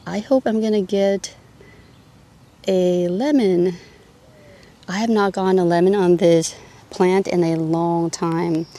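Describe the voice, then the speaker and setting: A woman's voice: fairly low pitch, dark tone. A woman giving a casual, enthusiastic tour of her garden, chatty with small restarts. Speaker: garden vlogger. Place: outdoor home garden. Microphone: clip-on mic. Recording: outdoor mic with faint AC hum. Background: air conditioner hum.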